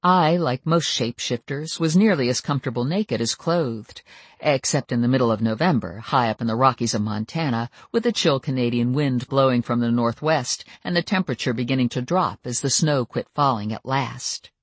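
Steady audiobook narrator, dry sound. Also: medium pitch, normal speed, husky, dry recording. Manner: steady, even storytelling.

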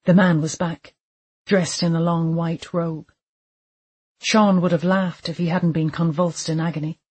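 Woman reading a dark story out loud, takes her time, a bit husky, quiet tension. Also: on the low side. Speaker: audiobook narrator. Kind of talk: scripted narration of a dark thriller.

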